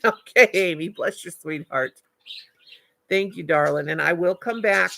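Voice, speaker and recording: An older woman hosting a casual live stream, chatting warmly with viewers and calling them darling and honey. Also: fairly low pitch, vocal fry. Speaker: livestream host. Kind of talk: casual live-stream chat reading comments.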